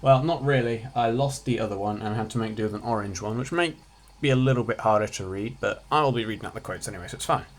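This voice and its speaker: A man's voice: fairly low pitch, fast, few pauses. A teenage boy, giving a casual, offhand revision lesson with jokey asides. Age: teens. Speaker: student revising on his channel.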